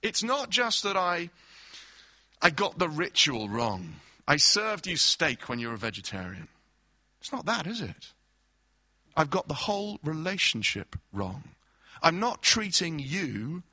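Lively, bright-voiced male preacher. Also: a little high, slow pace, long pauses, slightly rough, dry recording. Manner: lively preaching with everyday illustrations and acted-out quotes. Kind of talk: sermon.

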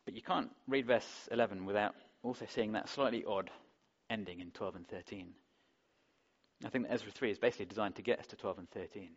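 A man's voice: on the low side, a little fast. A man preaching a sermon in a conversational way, often putting rhetorical questions to the congregation, on a dull lo-fi recording. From England.

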